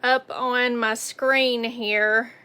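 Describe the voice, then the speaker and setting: Chatty Southern woman, bright voice. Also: a little high, flat delivery, very slow, clean tone. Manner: chatty, greets viewers by name. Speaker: painting instructor on a livestream. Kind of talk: casual live painting tutorial. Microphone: phone on a mount.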